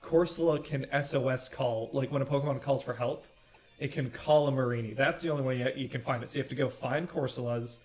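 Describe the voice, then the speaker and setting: A man's voice: medium pitch, steady tone, a little fast, darkish tone, soft background music. A man co-hosting a casual game commentary, eager and playful as he explains things. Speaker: co-host.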